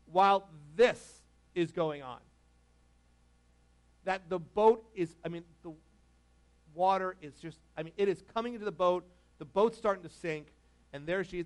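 A man preaching a casual, conversational sermon, laughing often and asking the congregation questions. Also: high-pitched. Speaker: pastor.

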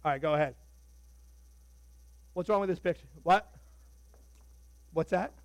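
A man preaching a sermon as pastor, animated and conversational, joking with the congregation. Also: fairly high pitch, measured pace, dry recording, poor audio.

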